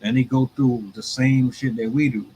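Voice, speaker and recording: A man's voice: mid-range voice, fairly even intonation, normal speed, warm tone, a little hiss or hum, poor audio. Man hosting, loose slangy chat. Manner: loose, rambling, slangy talk with restarts. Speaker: podcast host. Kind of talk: casual commentary.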